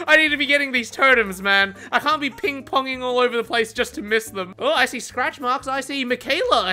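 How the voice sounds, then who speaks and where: A woman giving excitable gameplay commentary, swearing, laughing often and mocking herself. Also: high-pitched, fairly quick. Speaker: gaming content creator.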